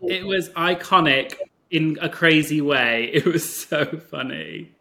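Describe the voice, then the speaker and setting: A man interviewing a guest in a relaxed chat, laughing along and steering the talk with questions. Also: a little high, slow pace, gravelly.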